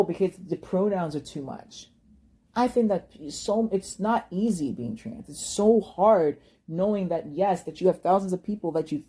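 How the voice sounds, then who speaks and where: A young woman pours out an impassioned vlog monologue in a low, husky voice. Her tone is mellow and dark, and she curses and stumbles over repeated words as she rants. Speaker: vlogger. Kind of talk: emotional personal monologue.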